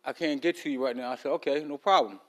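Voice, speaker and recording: A man's voice: medium pitch, fast talker, fairly bright tone. Man rambling around a loose tooth. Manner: loose, rambling, with many fillers and restarts. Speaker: podcast host. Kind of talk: casual rambling storytelling.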